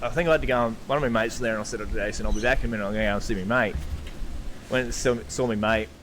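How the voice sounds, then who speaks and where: A man's voice: mid-range voice, fairly even intonation, very fast, a bit bright, slight background noise. A man with an Australian accent telling drinking stories on a podcast, swearing often and laughing through them. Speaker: podcast co-host. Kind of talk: casual storytelling chat.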